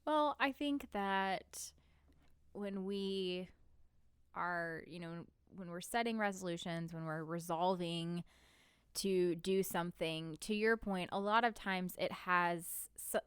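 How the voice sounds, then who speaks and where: A woman with a low, clear voice talks thoughtfully on a casual podcast. She speaks in a measured way, and the recording is dry and close-miked. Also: fairly bright tone, no room sound. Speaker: podcast co-host.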